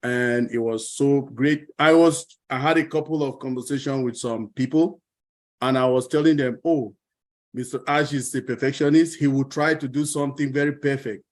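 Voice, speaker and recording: A man's voice: medium pitch, steady tone, moderate pace. A man speaking as a panelist in an online webinar, earnest and grateful over a video call.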